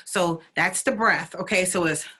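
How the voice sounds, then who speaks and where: Bright-voiced woman guiding breathwork. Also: on the low side, a little slow, slightly rough. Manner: counts breaths aloud, checks in with "okay?"; casual, chatty asides. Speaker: intuitive healer. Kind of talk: guided breathing instruction.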